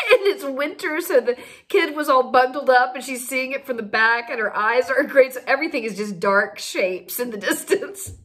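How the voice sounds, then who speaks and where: A woman's voice: high-pitched, normal speed. A woman casually telling a funny anecdote, laughing often as she talks. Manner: giggly, laughs through the telling, animated. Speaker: storyteller host.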